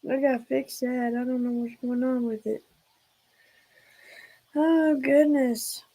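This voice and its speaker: A woman's voice: high voice, fairly even intonation, slow, dark tone. A woman hosting a casual livestream, rambling and out of breath as she talks to her viewers. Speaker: livestream host.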